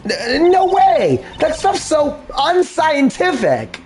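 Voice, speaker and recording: A man voicing an excitable young woman who loves science, eager and chirpy, in a fan dub of a video game. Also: extremely high pitch, slow, faint music behind, pitched above the performer's own voice, heavily acted.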